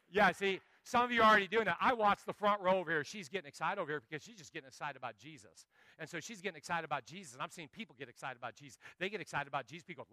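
A man preaching a sermon as pastor, telling animated stories and joking with the congregation. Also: sits high, no room sound.

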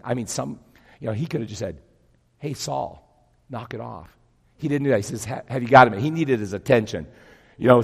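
A man in his fifties preaching a sermon, telling stories with acted-out voices and swinging between loud bursts and hushed lines. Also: mid-range voice. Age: 50s. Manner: animated storytelling, acting out voices, big swings from loud to hushed. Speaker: pastor. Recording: long hall reverb.

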